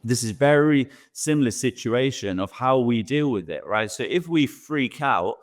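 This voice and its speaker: A man's voice: mid-range voice, lively intonation, normal speed. A man co-hosting a talk show, giving earnest coaching advice and acting out quoted thoughts. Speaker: co-host, sex expert.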